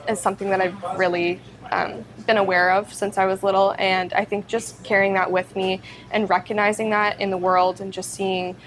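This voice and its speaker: A woman's voice: medium pitch, low-quality recording. A teenage girl, speaking as an interview guest in a casual, chatty way with many fillers and light laughs. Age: teens.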